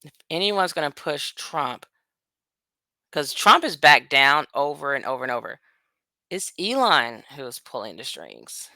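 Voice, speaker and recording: A low-pitched female voice with big pitch swings, pushed and bright, recorded with no echo. The speaker, a vlogger from the United States, addresses her viewers directly in a rambling, blunt, profane political rant with quick asides.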